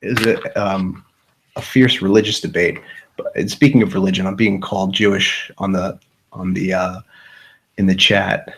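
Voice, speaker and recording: A man's voice: deep voice, fairly even intonation, normal speed, fairly bright tone, a little hiss or hum, low-quality recording. A man hosting a casual livestream, rambling and profane, often repeating himself. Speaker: livestream host.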